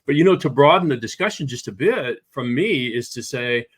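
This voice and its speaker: An older man speaks as a guest on a leadership podcast. His manner is earnest and reflective, and he picks his words carefully. Gentle laughs come through now and then. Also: mid-range voice, lively intonation, normal speed, husky. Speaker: podcast guest, executive coach. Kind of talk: reflective conversational talk.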